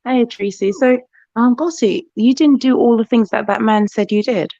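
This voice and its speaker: A woman on a live-stream call, soft-spoken and agreeable, answering in short replies. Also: a little high, moderate pace, dry recording, lo-fi sound. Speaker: guest. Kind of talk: casual chat.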